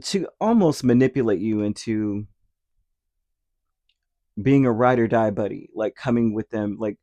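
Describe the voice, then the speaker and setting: In a laid-back tarot session, a man meanders through his reading with lots of fillers, now and then performing little imagined lines. He sounds animated and a little mellow at a measured pace in a mid-range voice, with no echo.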